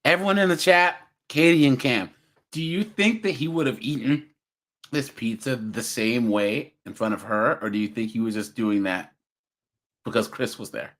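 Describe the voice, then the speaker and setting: This young reaction-stream host has a medium-pitched, fairly bright voice and keeps a moderate pace. He banters casually with his viewers, laughing frequently and calling them "guys" and "dude."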